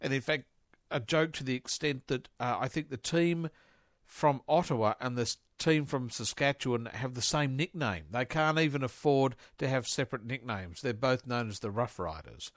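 A man's voice: mid-range voice, moderate pace, dry recording. Jovial male radio host, dry studio sound. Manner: jovial, teasing, asks lively questions. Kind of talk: casual radio interview.

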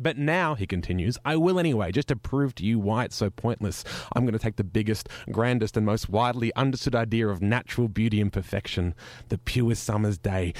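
A man's voice: lowish voice, dry recording. A man in a radio studio doing a wry, theatrical spoken word piece. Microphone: studio microphone.

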